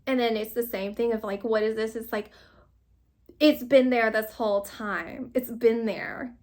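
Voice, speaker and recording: A woman with a slightly high voice reads tarot cards in a loose, chatty way. She rambles and circles back to her points, encourages the listener warmly through her words and keeps laughing as she goes. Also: unhurried. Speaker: tarot reader. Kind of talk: casual spiritual card reading.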